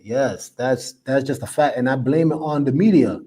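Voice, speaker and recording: A man's voice: medium pitch, measured pace, warm tone. A man hosting a live stream, reading viewer comments and preaching his opinions with emphatic, repetitive stress.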